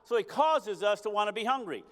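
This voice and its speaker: A man with a very high, smooth, resonant voice delivers a fervent motivational stage speech. He preaches at his audience and keeps hammering home rhetorical questions. Long reverb from a large convention hall trails after his words. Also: lively intonation, a little fast. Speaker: motivational speaker at a company convention.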